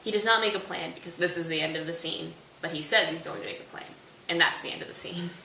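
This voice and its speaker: A woman's voice: on the low side, fast talker, gravelly, sharp tone. A young woman casually summarizing a play for students in a chatty, playful, informal way. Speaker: host of a literature study channel. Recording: echoey room, distant mic, faint hiss.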